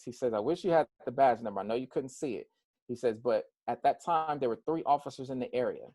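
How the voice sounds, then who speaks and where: An American man, a pastor, speaking earnestly to a group over a video call, repeating words for weight and slowing down to stress his points. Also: mid-range voice, animated, mellow, no room sound. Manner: slows down to stress points, with some fillers and restarts. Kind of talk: personal talk to a group.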